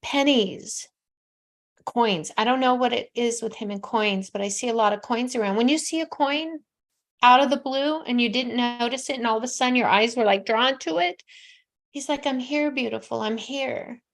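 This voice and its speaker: Host, woman in her sixties, slightly high pitch, emphatic and heartfelt, dips into hushed soft passages. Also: normal speed. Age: 60s. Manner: emphatic, heartfelt, drops to soft near-whispers. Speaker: psychic medium host. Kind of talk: casual call-in advice talk.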